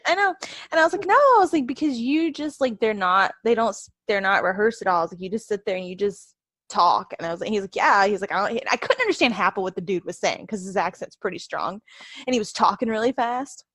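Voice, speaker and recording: A woman's voice: mid-range voice, lively intonation, fast talker, a bit bright, no room sound. A woman co-hosting a podcast in casual chat, recounting events in a rambling way, quoting herself and laughing often. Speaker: podcast co-host.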